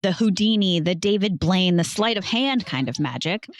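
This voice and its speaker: A woman's voice: mid-range voice, animated, normal speed, no room sound. A woman hosting a casual podcast, playfully telling a history story to her co-host and laughing easily.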